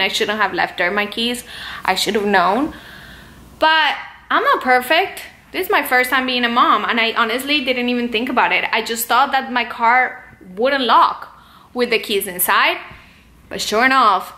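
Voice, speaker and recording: A young mom tells a story to her camera in a casual, animated way and acts out her own panic. Her voice is bright and a little high. The room sounds echoey, with faint music underneath. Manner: animated, emphatic retelling with quoted inner panic. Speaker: mom vlogger.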